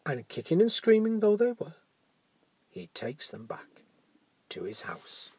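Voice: mid-range voice, wildly swooping pitch, a little slow, pauses often, a little mellow, husky. A storyteller telling a children's tale dramatically, dropping into whispers for suspense.

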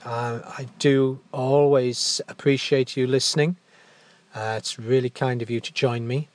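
A man narrating a fairy tale in a gentle, unhurried storytelling manner. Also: medium pitch, fairly even intonation.

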